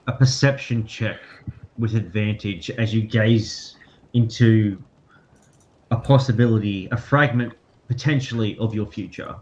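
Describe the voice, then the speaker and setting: A man's voice: lowish voice, unhurried, a little mellow, lo-fi sound. A man running a tabletop game as game master, narrating casually with many fillers and frequent laughs.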